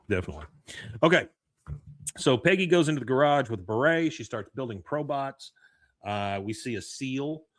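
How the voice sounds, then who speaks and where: Animated man recapping an episode. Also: medium pitch, no room sound, studio quality. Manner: animated retelling, voicing characters' lines. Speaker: podcast host.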